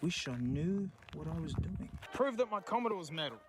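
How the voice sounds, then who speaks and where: A man's voice: a little high, sing-song, moderate pace. An Australian man chatting casually outdoors in remote bushland, joking and talking to the things he finds as he goes. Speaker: streamer. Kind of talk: casual vlog chat.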